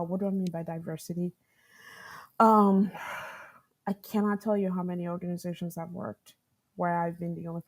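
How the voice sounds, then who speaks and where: This product management director has a gravelly voice on the low side. Telling workplace stories in an interview, she acts out others' dialogue with animation, laughs, and keeps adding a questioning "right?" to her points.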